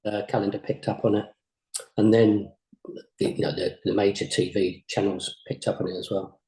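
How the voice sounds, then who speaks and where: A man's voice: lowish voice, little pitch movement, normal speed, dark tone. Hesitant older man in an echoey room. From England. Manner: hesitant, repeats words, modest. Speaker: former games company CEO, interview guest. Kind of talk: reflective interview chat. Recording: roomy echo.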